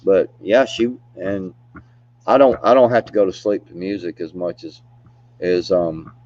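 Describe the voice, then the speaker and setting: A man's voice: sits low, a little slow, darkish tone. A man telling stories in a casual chat, laid-back and rambling, laughing often and filling gaps with "you know". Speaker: storyteller. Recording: dull, dry lo-fi recording.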